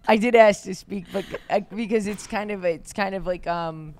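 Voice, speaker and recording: A woman with a New York accent chatting on a podcast, her voice raspy with vocal fry, joking and self-deprecating. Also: mid-range voice, moderate pace, noisy background. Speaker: podcast host. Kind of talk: casual chat.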